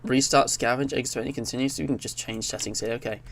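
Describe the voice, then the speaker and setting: A man's voice: medium pitch, fairly even intonation, fast talker, vocal fry, a bit bright, a little hiss or hum. A man giving casual, rambling let's-play commentary, reading on-screen text aloud as he plays. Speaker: gaming YouTuber.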